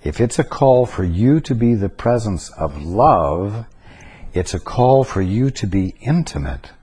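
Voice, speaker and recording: A man giving a spiritual teaching talk, slow and deliberate, pausing to stress single words. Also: fairly low pitch, sing-song, mellow, slightly rough.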